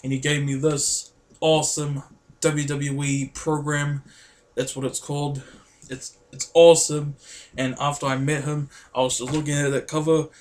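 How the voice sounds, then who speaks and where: A man vlogging to camera, telling a story excitedly and rambling, often calling his viewers guys. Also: on the high side.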